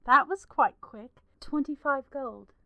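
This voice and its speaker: A woman's voice: sits high, slow pace, no echo, phone-quality sound. A woman voicing a frank, matter-of-fact female alchemist and shopkeeper in a tabletop game.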